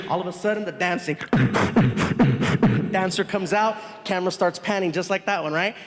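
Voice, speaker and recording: A male stand-up comedian telling a story on stage in an animated way, acting out characters and shouting punchlines. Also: high-pitched, moderate pace, pauses often. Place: live theater stage before an audience. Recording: live hall recording with reverb.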